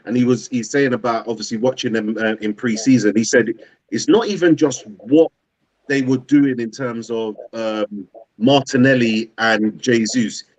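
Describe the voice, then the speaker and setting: A man, co-hosting a casual football fan chat, animated and slangy, often repeating his words. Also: medium pitch, moderate pace, no echo, poor audio. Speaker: co-host of a football fan show.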